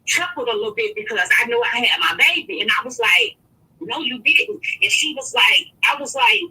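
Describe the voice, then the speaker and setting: Husky, bright-voiced woman caller. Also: a little high, a little fast, rough recording. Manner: rambling, animated retelling with restarts. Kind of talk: casual phone-in storytelling.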